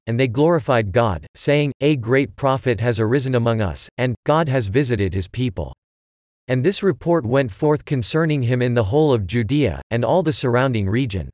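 Guy reading bible passages, steady and measured, mid pitch, dry close mic. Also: dry recording. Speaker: scripture reader.

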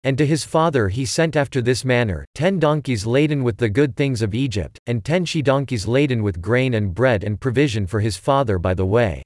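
A man giving a steady, measured scripted reading of a Bible chapter. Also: medium pitch, no echo, studio quality. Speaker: scripture reader.

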